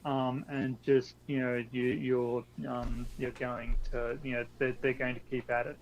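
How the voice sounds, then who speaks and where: A man co-hosting a casual podcast chat, talking in a halting way with many fillers and restarts. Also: mid-range voice, level tone. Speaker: podcast co-host. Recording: dull lo-fi audio with faint noise.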